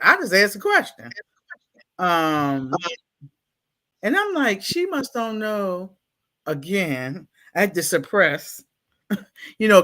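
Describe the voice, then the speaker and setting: A woman with a Baltimore accent telling stories casually in an interview, laughing and acting out what people said. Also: low voice. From Baltimore, USA. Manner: animated, laughing, acts out quotes in exaggerated voices. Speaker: guest, school staff.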